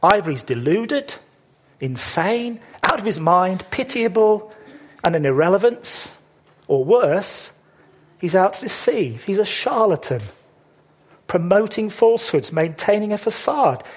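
A preacher with a fairly high, husky voice delivers a sermon in a sing-song manner at a measured pace. He is emphatic, poses rhetorical questions, and stretches out key words for weight.

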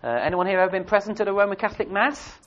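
A man's voice: sits high, racing, a bit bright. A man giving an evening church history talk to a congregation, speaking conversationally with many fillers and restarts and asking the audience questions. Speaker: church teacher. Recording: dull lo-fi recording.

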